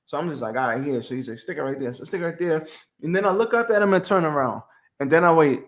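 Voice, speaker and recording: A man's voice: a little high, expressive, quick pace. A man co-hosting a podcast, telling stories in a laid-back, slangy way. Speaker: podcast co-host. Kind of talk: casual chat, storytelling. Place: home studio on camera.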